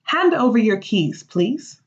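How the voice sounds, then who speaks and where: A woman's voice: fairly high pitch, sing-song, slow pace, lo-fi sound. A woman reading as a stern colonial woman.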